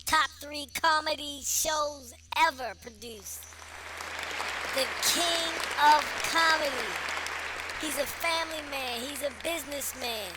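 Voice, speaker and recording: A woman reading a hype promo voice-over slowly and emphatically. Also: high voice. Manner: slow, emphatic. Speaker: promo announcer. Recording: voice-over under loud crowd and noise.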